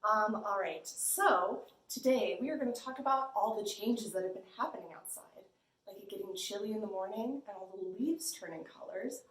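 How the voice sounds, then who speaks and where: A woman's voice: mid-range voice, moderate pace, a bit bright. Bubbly woman librarian in echoey room. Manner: bubbly, sing-song, exaggerated. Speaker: children's librarian. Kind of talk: storytime for young children.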